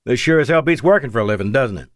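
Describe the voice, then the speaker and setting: A seasoned Texan fighter pilot, wry and reassuring, as a man narrating puts him on. The voice rises and falls lively. It is heard in a dry, close studio read. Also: medium pitch, very fast, no echo, lightly acted.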